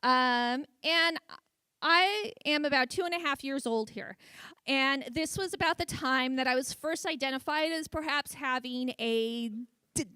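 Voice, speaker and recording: Addressing a luncheon crowd in an event hall, a woman in her 40s delivers a funny public talk, stuttering with frequent sound repetitions. Her high voice is sharp in tone and a little slow, and the recording has no room sound.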